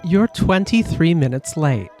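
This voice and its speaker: A man's voice: fairly high pitch, lively intonation, a little slow, warm tone, faint music behind. Man reading as a blunt female sheriff. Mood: annoyed. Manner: curt and confrontational.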